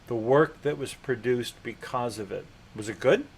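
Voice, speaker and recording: A man's voice: medium pitch, moderate pace, creaky, slight background noise. A man hosting an interview, probing his guest with pointed follow-up questions. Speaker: host. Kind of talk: conversational interview.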